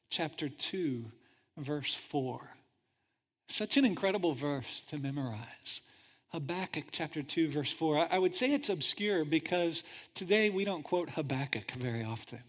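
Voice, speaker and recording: A male pastor preaching a sermon, animated storytelling that swings from hushed to loud. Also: on the high side, measured pace. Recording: long church-hall reverb.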